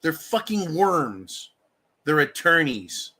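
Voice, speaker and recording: A man's voice: fairly high pitch, very animated, slow, pushed and bright. A man hosting a live stream, ranting angrily with heavy profanity and thanking viewers for donations. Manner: angry, heavily profane. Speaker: livestream host. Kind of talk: political rant on a live stream.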